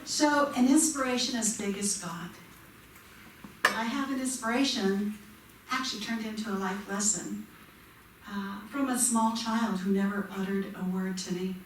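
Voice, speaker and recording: A woman's voice: mid-range voice, measured pace, background noise. A woman from the congregation shares her personal story, chatty and light with jokes at her own expense. The church around her is very echoey. She sounds a little far from the mic. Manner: conversational, self-deprecating humor. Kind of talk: personal testimony. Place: church sanctuary.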